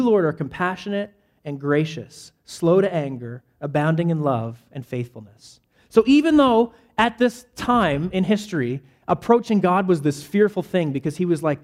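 A man's voice: sits high, darkish tone. A man preaching a sermon to a church congregation in a casual, conversational way, often asking "right?" and "okay?" as he goes. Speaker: pastor. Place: church hall.

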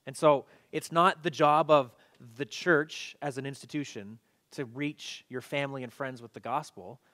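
A man preaching an online church sermon in a relaxed, conversational way, with frequent fillers and restarts. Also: mid-range voice, normal speed. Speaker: pastor. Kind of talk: casual online sermon and prayer.

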